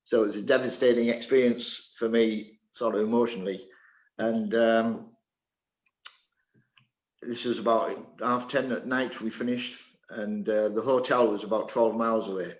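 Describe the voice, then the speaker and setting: Echoey older Englishman reminiscing with many pauses. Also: lowish voice, fairly even intonation. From England. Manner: hesitant, many fillers and restarts. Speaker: interview guest, former table tennis player and coach. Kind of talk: casual reminiscing in a Q&A.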